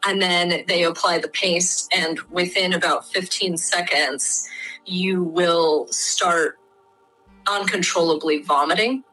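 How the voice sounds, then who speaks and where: A Midwestern American woman talks as an interview guest, frank and chatty with plenty of "um" and "like." Her voice sits a little low but has a bright, forceful edge. Faint music hums underneath. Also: fairly even intonation, takes it slowly, low-quality recording. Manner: chatty, frank, many fillers. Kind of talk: casual explanatory interview.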